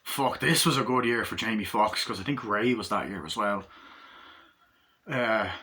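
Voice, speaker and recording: A man giving a casual movie review, animated, acting out scenes with heavy swearing. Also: on the low side, moderate pace.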